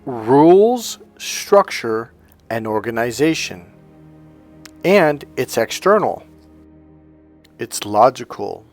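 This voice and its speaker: A man's voice: mid-range voice, big pitch swings, slow, pauses often. Emphatic preachy man over faint music. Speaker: life coach. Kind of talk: motivational monologue.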